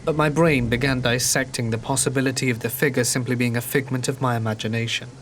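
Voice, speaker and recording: A man reading a true horror story aloud in a calm, measured storytelling manner. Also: medium pitch, a little hiss or hum. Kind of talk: scripted narration. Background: faint rain.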